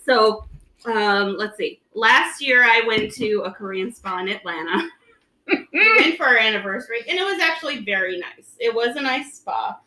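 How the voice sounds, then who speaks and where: A woman's voice: fairly high pitch, animated, moderate pace, sharp tone, echoey room, rough recording. A woman hosting a podcast in casual chat, talkative and laughing often, with many "like"s. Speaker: podcast host.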